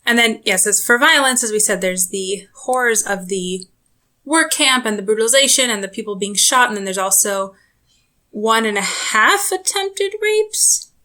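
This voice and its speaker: A woman co-hosting a casual book podcast, explaining things in a brisk, plain way. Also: a little high, animated, pushed and bright. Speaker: podcast co-host. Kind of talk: casual book review chat.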